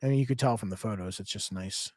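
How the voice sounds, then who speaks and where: A man's voice: lowish voice, fast talker, a little mellow, dry recording, studio quality. A man co-hosting a podcast, chatting casually and telling easygoing travel stories. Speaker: podcast co-host.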